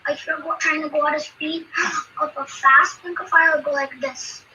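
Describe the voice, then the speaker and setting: Hesitant high-voiced woman student. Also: flat delivery, normal speed, bright, forceful tone. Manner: hesitant, many fillers. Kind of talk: answering in online class. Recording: muffled, lightly noisy call audio.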